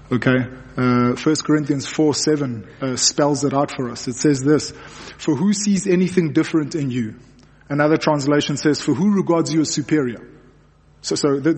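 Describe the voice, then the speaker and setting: A man's voice: fairly high pitch, a little mellow, long reverb tail. A man preaching a sermon in an earnest way, often repeating words as he presses a point. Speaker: pastor.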